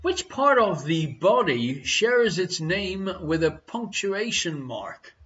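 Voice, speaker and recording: Guy running a quiz stream, high bright voice, slow and jokey, bit muffled. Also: sing-song. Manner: jokey, chuckles between questions. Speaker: quiz host. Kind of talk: live-streamed quiz chat.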